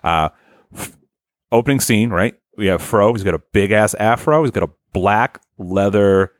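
A man's voice: lowish voice, moderate pace, dry recording, studio quality. A young man hosting a comedy podcast, telling a rambling improvised story in a casual, joking way. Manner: rambling, lively, with frequent filler and restarts. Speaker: podcast host.

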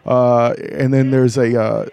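Gravelly, laid-back male guest. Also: medium pitch, level tone, slow, mellow. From North Carolina. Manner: laid-back, hesitant, dry humor. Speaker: guest, photographer. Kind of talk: casual interview chat.

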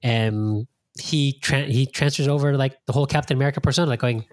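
A man hosting a casual podcast chat, talking with animated energy, swearing freely and acting out his own reactions. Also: medium pitch, fairly quick, dry recording. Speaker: podcast host.

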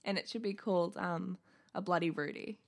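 A woman's voice: lowish voice, normal speed, vocal fry. A young woman co-hosting a casual chat podcast, chatty and swearing freely as she retells stories. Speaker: podcast co-host.

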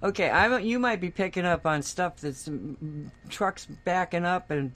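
A woman's voice: on the low side, moderate pace, a bit bright, a little hiss or hum. A woman co-hosting a radio talk show, telling a long anecdote in casual chat and laughing often. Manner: chatty storytelling, laughs often.

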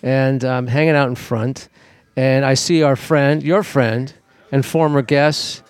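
A man co-hosting a podcast, telling stories in a casual, animated way and swearing freely. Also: mid-range voice, slow pace, smooth, no room sound. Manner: profane, animated, laughing while telling stories. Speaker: podcast co-host. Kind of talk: casual storytelling chat.

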